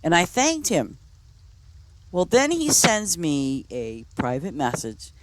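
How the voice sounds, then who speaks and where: A woman's voice: fairly low pitch, wildly swooping pitch, slow, background noise. A woman game streamer chatting casually and telling rambling stories, full of "you know" and restarts. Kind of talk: casual storytelling chat.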